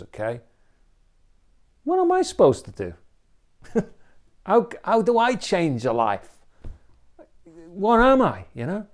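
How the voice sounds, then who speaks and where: A man's voice: fairly high pitch, darkish tone. A man giving an inspirational talk, telling a personal story in an earnest, reflective way, often adding "you know" and "okay?". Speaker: inspirational speaker.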